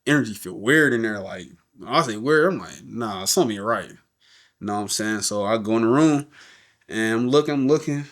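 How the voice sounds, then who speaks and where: A man's voice: medium pitch, lively intonation, moderate pace, a bit bright. Man telling his life story casually. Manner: casual, often repeats words and says "you know what I'm saying". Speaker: podcast guest. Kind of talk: candid personal storytelling.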